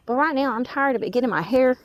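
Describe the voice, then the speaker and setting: A woman's voice: sits high, fast talker, no echo. Chatty woman touring her garden. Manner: chatty, exclaims and mutters to her plants. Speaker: gardening vlogger. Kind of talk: casual walk-through garden update. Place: outdoors in a backyard garden.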